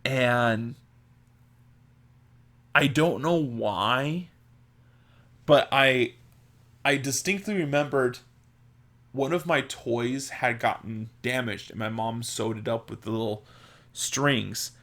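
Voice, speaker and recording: A young man tells stories from his childhood in a loose, unhurried monologue, full of "like" and restarts. His voice has a bright, forward tone, and he takes his time getting through each tale. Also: medium pitch. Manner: rambling, filler-heavy, laughs at own stories. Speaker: podcast host. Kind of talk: casual storytelling monologue.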